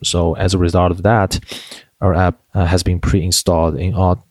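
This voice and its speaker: A man's voice: deep voice, normal speed, no echo. A man who founded a company, telling stories in an interview, with lots of fillers and restarts. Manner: animated storyteller, many fillers and restarts. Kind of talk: interview conversation.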